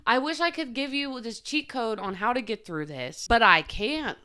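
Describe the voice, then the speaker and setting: Bright, clear-voiced young woman confiding. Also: on the high side, expressive, moderate pace. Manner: confessional, heavy use of "like", emotional. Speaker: podcast host. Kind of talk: candid personal podcast monologue.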